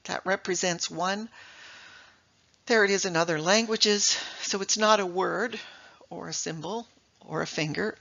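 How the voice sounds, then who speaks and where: Bright-voiced woman giving a lively talk. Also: lowish voice, unhurried, gravelly, pauses often, highs cut off. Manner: lively, emphatic, rhetorical questions. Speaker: speaker giving a talk on English. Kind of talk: presentation to a live audience.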